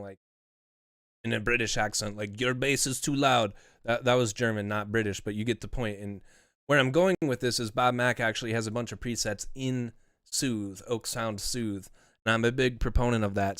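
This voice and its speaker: A man's voice: fairly low pitch, a bit bright, clear, resonant tone, no echo, clean studio sound. A man streaming live as a mastering engineer, talking casually and rambling, swearing now and then.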